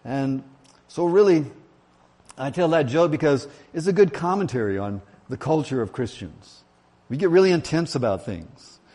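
A man's voice: fairly high pitch, lively intonation, moderate pace, warm tone. A man preaching as a pastor in a church, telling an old joke in a folksy, self-deprecating way with many fillers. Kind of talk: sermon with a told joke.

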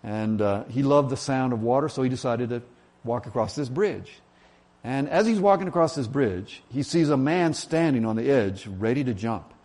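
Man, pastor, sermon, folksy, self-deprecating, filler words, middle pitch. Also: animated, normal speed, darkish tone. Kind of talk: sermon with a told joke. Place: church.

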